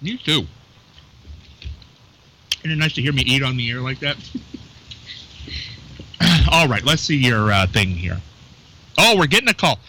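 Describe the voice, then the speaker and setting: A chatty male radio host talking casually in a small studio. His voice is very bright and animated, rising and falling freely. He jokes around and reads phone numbers slowly and carefully. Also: medium pitch, a little hiss or hum, low-quality recording. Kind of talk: casual local radio chat.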